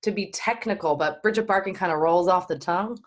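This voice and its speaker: A woman's voice: on the low side, brisk. A woman from New York with a slight lisp, a guest on a casual livestream call, playful and chatty. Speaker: guest performing artist. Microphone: video call.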